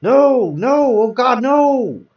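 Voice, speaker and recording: A man's voice: a little high, very animated, takes it slowly. A man reading aloud, voicing a young husband frantic with grief in a hospital, with pleading, panicked outbursts. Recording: roomy, distant, dull sound.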